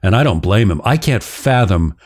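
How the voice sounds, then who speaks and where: A man's voice: on the low side, lively intonation, normal speed. A man hosting a podcast, telling a story in a casual, joking way. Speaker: podcast host.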